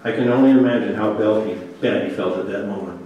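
A man's voice: lowish voice, fast, muffled recording. A man delivers a sermon, reading scripture aloud and then pressing his point home earnestly. His voice rings through a very reverberant church hall. He is heard from some distance off the mic, with faint room noise behind him. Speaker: pastor.

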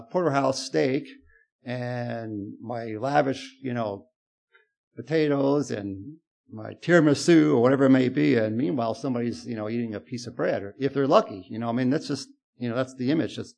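A male pastor giving a conversational sermon to his congregations, growing animated when he quotes scripture. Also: medium pitch, vocal fry.

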